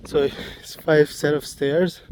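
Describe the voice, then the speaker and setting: A man's voice: on the high side, flat delivery, slow pace, noisy background. A man vlogging as he walks outdoors at ancient ruins, thinking aloud with a joking, self-mocking manner. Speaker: travel vlogger. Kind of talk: casual walk-and-talk narration.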